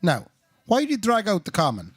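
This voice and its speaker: A man's voice: sits high, huge pitch swings, a little fast, slightly rough, dry recording, faint music behind. A man with an Irish accent co-hosting a casual podcast chat, teasing and a little tipsy. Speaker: podcast co-host.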